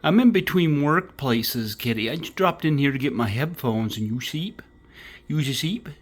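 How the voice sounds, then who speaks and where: A man's voice: mid-range voice, lively intonation, moderate pace. A man in his apartment talking to his cat in affectionate, teasing baby talk. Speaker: cat owner filming his pet. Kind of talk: casual pet vlog chat. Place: indoors in an apartment.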